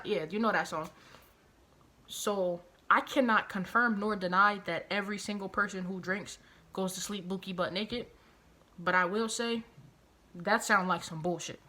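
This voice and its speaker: A woman vlogger telling a personal story, animated and profane, hammering her points home through repetition and outraged disbelief. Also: mid-range voice, normal speed. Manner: animated, profane, emphatic retelling with heavy repetition; outraged, incredulous. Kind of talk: storytime vlog.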